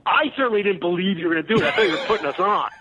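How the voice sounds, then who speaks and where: A man telling a rambling, excitable story as a comedian guest on a casual podcast, often laughing. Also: high-pitched, rapid-fire, breathy edge. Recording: tinny phone line.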